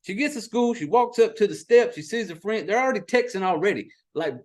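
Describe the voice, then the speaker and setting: A middle-aged man, exasperatedly recapping a movie in a profane, animated podcast rant. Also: sits high, fairly quick, few pauses. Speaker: podcast host.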